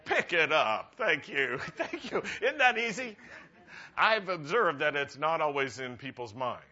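Rabbi giving a jokey sermon; bright, forceful man's voice, lively and chatty. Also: a little high, measured pace, highs cut off. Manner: chatty, laughs at his own jokes. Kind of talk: humorous sermon.

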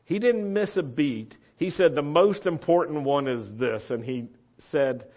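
A man's voice: medium pitch, a little mellow, highs cut off. Earnest American man preaching. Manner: earnest, emphatic, slows down to stress key words. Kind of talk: sermon.

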